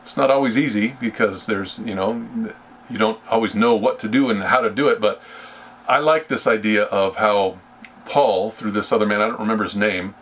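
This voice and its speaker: A man teaching an informal Bible study, talking in a halting, conversational way and reading scripture aloud with emphasis. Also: fairly low pitch, a bit bright, a little hiss or hum. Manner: conversational, halting, with fillers and restarts.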